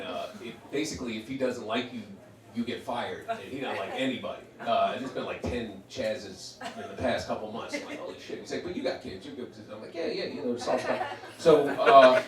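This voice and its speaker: A man's voice: mid-range voice, distant mic. Stand-up comic, male, rambling and profane, mid-range voice, heard a bit off-mic in an echoey club with the crowd laughing. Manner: profane, rambling, filler-heavy with many "uh"s. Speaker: stand-up comedian. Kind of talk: stand-up storytelling. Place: comedy club stage with live audience. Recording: roomy club sound, audience laughter.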